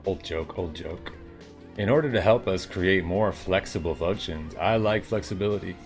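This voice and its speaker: A fairly low-voiced man talks through coding exercises on a live stream, reading each instruction aloud and riffing on it. He hams it up with a put-on New York twang, little sound effects and jokey remarks, and faint music plays behind him. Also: moderate pace. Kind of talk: casual live-coding commentary.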